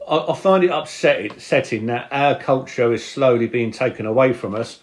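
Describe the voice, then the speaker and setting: A man with a London working-class accent talks through ideas in a casual podcast conversation. He is earnest and reflective, backing up his guest with steady agreement. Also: medium pitch, moderate pace. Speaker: podcast host.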